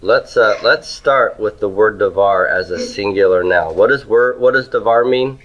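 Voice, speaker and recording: Bright-voiced man teaching a classroom lecture. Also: on the low side, moderate pace, poor audio. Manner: asks questions and answers them himself. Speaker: Hebrew grammar teacher.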